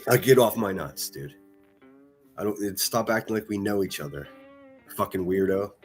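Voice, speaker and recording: A man's voice: on the low side, animated, moderate pace, faint music behind. A man from the northern United States ranting on a livestream, profane, mocking and combative.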